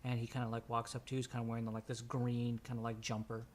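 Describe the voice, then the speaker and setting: A man's voice: mid-range voice, completely flat delivery, fast talker, a little mellow, a little hiss or hum. Man narrating as game master. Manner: loose, filler-heavy narration.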